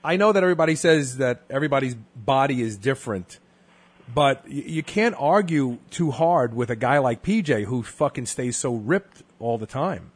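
A man's voice: mid-range voice, lively intonation, moderate pace, breathy edge. A man hosting a casual chat, laughing often and swearing casually. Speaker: host.

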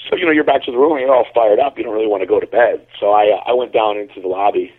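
A man from Connecticut, a bodybuilder, telling a story in a relaxed, rambling way on a call-in show, heard over a tinny phone line. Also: on the low side, racing, slightly rough, dry recording. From Connecticut, USA. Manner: relaxed, rambling, lots of fillers. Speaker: bodybuilder and caller.

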